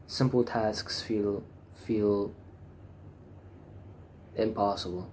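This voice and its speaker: Young male vlogger, low-pitched, rambling and blunt, phone-recorded with light background noise. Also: steady tone, slow, pauses often, darkish tone. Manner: rambling, frank and swearing, with many fillers and restarts. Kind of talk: casual personal monologue.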